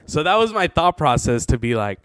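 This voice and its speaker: A young man hosting his own podcast, telling a story in a casual, excitable, rambling way full of fillers. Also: on the high side, a little fast. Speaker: podcast host.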